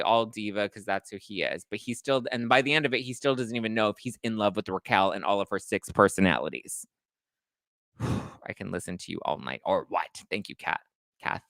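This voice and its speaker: Young male host, bright, forceful voice, sassy animated recap, dry close sound. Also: fairly low pitch, brisk, dry recording. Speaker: podcast host. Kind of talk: casual live recap chat.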